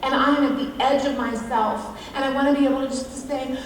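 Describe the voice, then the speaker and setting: A woman's voice: high-pitched, fairly even intonation, fast, few pauses, slight background noise. A woman giving a humorous devotional talk at a women's event, chatty, with self-mocking asides. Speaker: featured speaker at a women's event. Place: large hall. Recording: echoey hall from far off.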